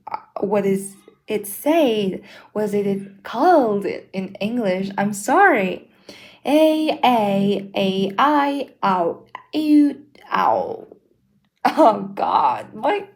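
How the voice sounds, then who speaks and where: Slow, hesitant young woman, Mongolian native. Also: medium pitch, a little mellow. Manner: hesitant, apologetic, many ums. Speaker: language learner teaching a beginner lesson. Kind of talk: casual self-made lesson.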